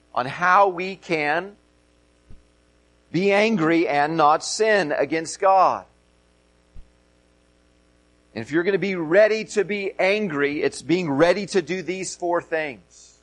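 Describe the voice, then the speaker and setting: A man's voice: fairly high pitch, slow, pauses often, rough recording. A middle-aged man preaching a sermon as pastor, earnest, often repeating and stressing key phrases.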